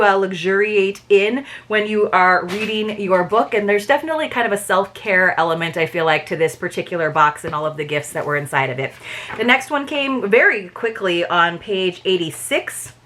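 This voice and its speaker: A woman's voice: mid-range voice, a bit bright. A woman reviewing a subscription book box in a chatty, casual way, laughing at herself and reading excerpts aloud. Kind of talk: casual review vlog with read-aloud passages.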